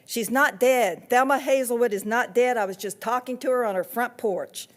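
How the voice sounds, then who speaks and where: A woman's voice: a little high, brisk, pitched above the performer's own voice, lightly acted. A woman voicing a curious, nosy ten-year-old girl who speaks eagerly and insistently.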